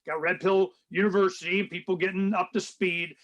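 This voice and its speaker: A man's voice: high-pitched, brisk, rough recording. An older man hosting a radio talk show, rambling in casual political chat and acting out what others said. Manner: rambling, animated, acts out quoted people in a raised voice.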